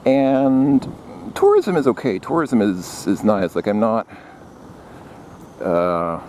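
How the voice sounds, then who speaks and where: A man with a low voice records a casual travel vlog while walking outdoors through a city. He talks in a loose, rambling way, with plenty of fillers and restarts. Faint street noise runs underneath. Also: big pitch swings, slow, a little mellow. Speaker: travel vlogger.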